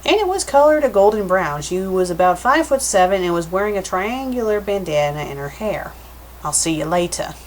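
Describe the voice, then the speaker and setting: Woman critic reading fanfic aloud, mid-pitched, self-correcting, wry comments. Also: very animated, brisk, few pauses, slight background noise. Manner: self-correcting, breaks off with joking asides. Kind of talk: comedic dramatic reading with commentary.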